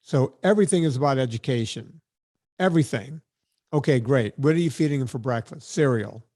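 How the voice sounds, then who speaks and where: A man hosting a podcast interview, talking in an animated, emphatic way and often repeating words as he gets going. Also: medium pitch, a little fast. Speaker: podcast host. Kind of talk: casual conversational interview.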